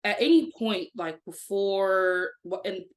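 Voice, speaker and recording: A woman hosting an interview, speaking gently and asking careful questions. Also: medium pitch, takes it slowly. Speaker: podcast host.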